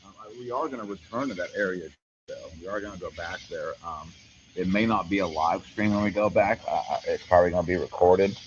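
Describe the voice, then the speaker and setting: On a nighttime paranormal livestream, the host walks a wooded camp chatting to viewers in a loose, laid-back, rambling style, crickets audible behind him. His deep voice is a little mellow and a touch fast, with highs cut off and slight background noise in the recording.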